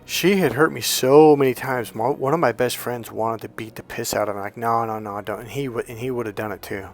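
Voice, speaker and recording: Guy venting his story, blunt and swearing a lot, soft music in the back. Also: mid-range voice, a little fast. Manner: blunt, profane, emphatic. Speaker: dating coach. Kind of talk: casual storytelling monologue.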